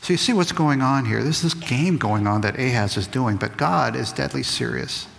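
A man giving a lively, conversational Bible lesson to kids. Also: mid-range voice, normal speed, vocal fry. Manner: lively, conversational, acts out quotes. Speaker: Bible teacher. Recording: long reverb of a large hall.

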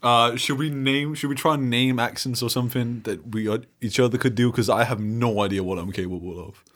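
A man's voice: mid-range voice, fairly even intonation, brisk, a bit bright. A young man co-hosting a podcast in casual chat, laughing often and swearing casually. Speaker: podcast co-host. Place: Denmark.

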